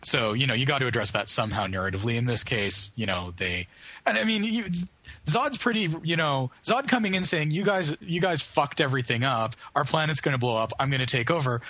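A man's voice: medium pitch, sharp tone, husky, no echo. A man co-hosting a casual movie-review chat, opinionated and profane in his rants.

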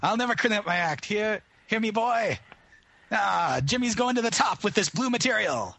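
A brash old-time vaudeville stand-up comic, as a man puts him on, all brassy patter and punchlines. The voice is pitched up, bright and a bit husky. It is delivered like a club act from the 1920s. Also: expressive, normal speed, no room sound, heavily acted. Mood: hammy.

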